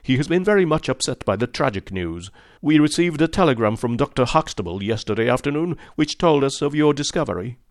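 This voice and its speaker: A man's voice: mid-range voice, animated, fairly quick, no echo, studio quality, voice pushed up, natural voice. A man voicing a nervous, furtive male secretary who speaks politely and evasively.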